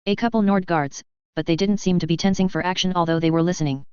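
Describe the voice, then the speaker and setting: A woman reading a fan fiction story aloud in a plain, steady way. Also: on the low side, fast, clean tone, no room sound, dull audio.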